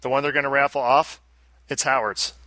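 A man's voice: medium pitch, little pitch movement, brisk, bright, forceful tone, dry recording. A man co-hosting a casual podcast, reading listener letters aloud and breaking in with joking asides. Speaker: podcast co-host.

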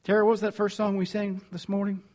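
In a high voice and at a fast clip, a Southern American pastor preaches conversationally and with animation. He reads scripture aloud and corrects himself mid-sermon.

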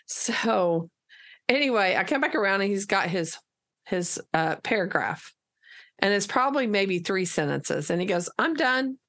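A woman teacher telling a lively classroom story in casual conversation, acting out the dialogue as she goes. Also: mid-range voice, measured pace.

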